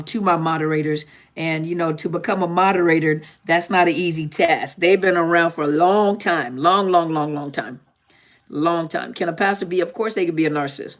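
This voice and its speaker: A woman therapist hosting a live-stream Q&A in a casual, joking tone, often repeating herself and laughing. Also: sits low. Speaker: therapist and channel host.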